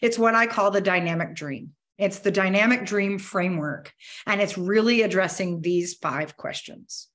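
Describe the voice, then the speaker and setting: A woman giving a motivational talk to a business networking group, energetic and candid, with casual swearing. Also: medium pitch, normal speed. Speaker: motivational speaker. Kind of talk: conversational keynote talk.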